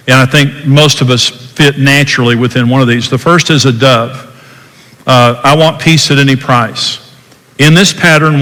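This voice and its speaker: A man's voice: medium pitch, a bit bright. An older man hosting a podcast, teaching about marriage in an earnest, emphatic way. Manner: earnest, emphatic, acts out quoted dialogue. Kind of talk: teaching talk. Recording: long hall reverb.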